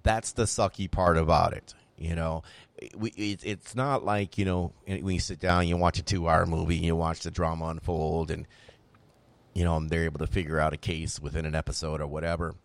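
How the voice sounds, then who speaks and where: Male political show host, deep and dry, forceful and repetitive when he argues a point. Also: moderate pace, gravelly, no echo. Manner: emphatic, animated, repeats himself when making a point. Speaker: podcast host. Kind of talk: political talk show commentary.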